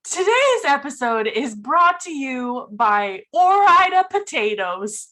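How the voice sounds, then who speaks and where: A woman improvising a cheerful co-host of a children's show, speaking in a chirpy, drawn-out way. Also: high voice, big pitch swings, pushed and bright, heavily acted. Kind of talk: improv comedy scene.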